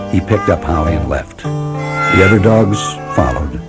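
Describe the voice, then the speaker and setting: A man's voice: deep voice, expressive, unhurried. A man reading a children's chapter book aloud, expressively, with dramatic sound words. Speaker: storybook reader. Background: background music.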